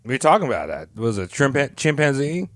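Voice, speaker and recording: A man's voice: mid-range voice, big pitch swings, fast, dry recording, clean studio sound. A man co-hosting a podcast, telling joking anecdotes in casual chat. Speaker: podcast co-host.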